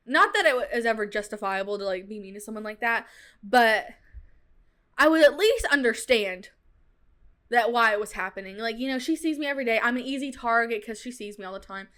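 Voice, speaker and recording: Young woman, podcast host, casual storytelling, chatty, slightly high voice. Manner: chatty, animated retelling with fillers like "like" and "dude".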